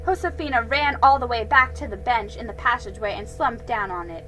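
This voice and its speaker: A woman reading a children's storybook aloud, slow and careful, with small slips she corrects. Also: on the high side, sharp tone, faint music behind, low-quality recording.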